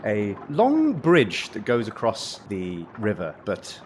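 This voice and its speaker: A man's voice: on the low side, wildly swooping pitch, takes it slowly, a little mellow, slight background noise. A man with an English accent narrating as game master of a tabletop role-playing game, often laughing.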